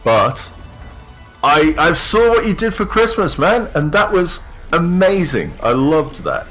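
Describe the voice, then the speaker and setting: Lively, laughing man in an echoey room. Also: fairly high pitch, a little slow, faint music behind. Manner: enthusiastic, jokey, laughs often. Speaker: guest in voice chat. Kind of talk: casual voice chat. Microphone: voice chat over the internet.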